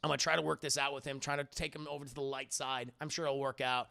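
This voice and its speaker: A man voicing a young male hero who delivers huge news in a low, casual, offhand way. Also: level tone, quick pace, gravelly, sharp tone. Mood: matter-of-fact. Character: earnest young male hero, matter-of-fact.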